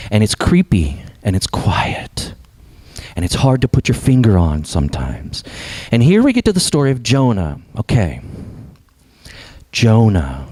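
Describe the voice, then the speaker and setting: A young adult man preaching a sermon as pastor, animated, sometimes dropping to a hush for emphasis. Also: mid-range voice, dry recording.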